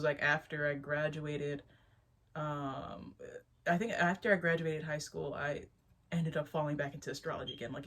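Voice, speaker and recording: A young adult woman talking casually to camera as a spiritual vlogger, rambling, animated, laughing often and restarting her sentences. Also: deep voice.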